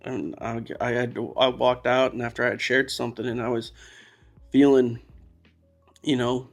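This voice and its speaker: A man's voice: medium pitch, fairly even intonation, normal speed, gravelly. Man, podcast guest, candid emotional storytelling, faint music. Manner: candid, emotional, rambling with restarts. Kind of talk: casual storytelling.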